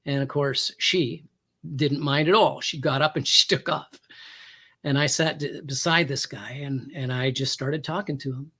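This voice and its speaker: A man's voice: mid-range voice, steady tone, normal speed, bright, forceful tone, husky. A former police hostage negotiator from Canada, a male guest on a talk show, telling an anecdote with emphatic rises and hesitant fillers. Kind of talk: storytelling anecdote.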